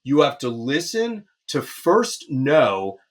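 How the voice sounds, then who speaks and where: A man's voice: medium pitch, big pitch swings, slow. A man, a pediatrician, giving parenting advice in an interview. He talks emphatically, stopping often for fillers as he searches for words. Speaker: pediatrician guest.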